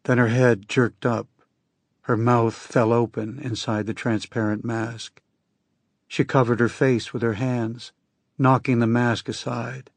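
A man narrating a novel in the first person with a slow, somber, measured reading. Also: mid-range voice, level tone, gravelly, no echo. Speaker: audiobook narrator.

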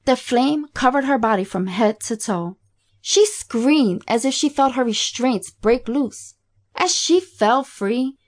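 A woman reading a graphic horror story aloud in a steady, matter-of-fact way. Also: a little high. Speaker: narrator. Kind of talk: scripted horror story narration.

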